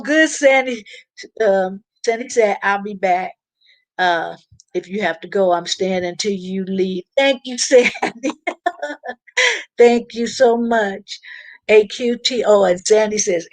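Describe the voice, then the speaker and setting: Slow-talking woman on a live stream. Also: mid-range voice, no echo. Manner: chatty, informal, preachy about faith. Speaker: livestream host reading viewer comments. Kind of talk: casual live-stream chat.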